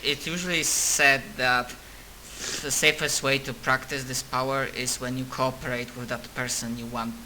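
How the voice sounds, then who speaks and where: A man's voice: mid-range voice, pushed and bright, slight background noise, rough recording. A man playing a tabletop role-play over voice chat, hesitant and searching for words.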